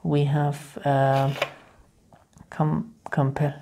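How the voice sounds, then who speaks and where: A woman's voice: low voice, monotone, warm tone, a little hiss or hum. A woman teaching English grammar in a video lesson. She repeats key words over and over and explains step by step, with frequent restarts. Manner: halting, with restarts and fillers while explaining.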